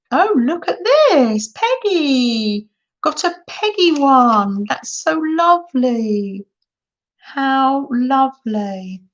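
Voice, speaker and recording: An older woman, gushing in a casual livestream chat while she shows crafts to viewers. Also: on the high side. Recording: dull lo-fi sound.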